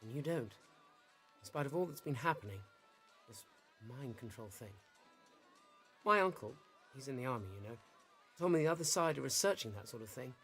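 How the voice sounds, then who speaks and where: A man's voice: medium pitch, lively intonation, normal speed, long pauses, fairly bright tone, soft background music. A man playing an earnest, friendly schoolboy in an audio drama.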